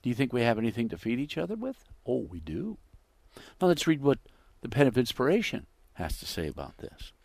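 A man preaching a sermon, acting out the quoted dialogue with big swings between loud and hushed delivery. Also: mid-range voice, huge pitch swings, brisk, creaky, dry recording. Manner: dramatic, acts out quoted dialogue with wide swings in loudness.

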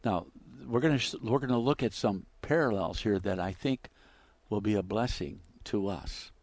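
Low-voiced man preaching a sermon. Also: moderate pace, no room sound. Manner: dramatic, acts out quoted dialogue with wide swings in loudness.

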